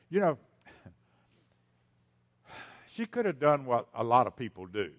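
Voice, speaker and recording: A male pastor delivering a sermon at a middle pitch. He repeats his key lines for emphasis and speaks straight to the congregation as folks, swinging from loud to hushed. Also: very animated, slow pace, long pauses.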